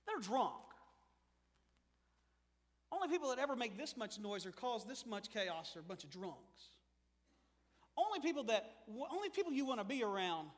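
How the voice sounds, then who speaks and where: A man preaching a sermon in a church, animated and swinging from quiet to loud. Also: high-pitched, long reverb tail. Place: church sanctuary.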